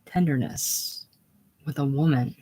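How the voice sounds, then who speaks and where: A reader voicing a patient, gently teasing young male friend in a casual play reading, at a slow pace. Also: mid-range voice, a little hiss or hum, close to an everyday voice. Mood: needling.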